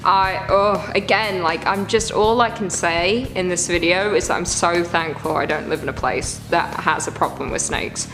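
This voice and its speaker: A woman's voice: lowish voice, normal speed, hardly any pauses, over music. A woman hosting a reaction video, chatting casually and groaning in disgust as she rambles. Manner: squeamish, exclaiming, rambling.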